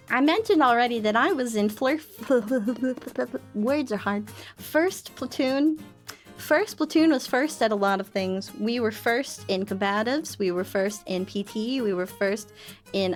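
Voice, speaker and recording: High voiced young woman chatting on stream, giggly and goofy, soft music behind. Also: a little slow. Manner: bubbly and self-mocking, laughs often. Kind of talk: casual chat.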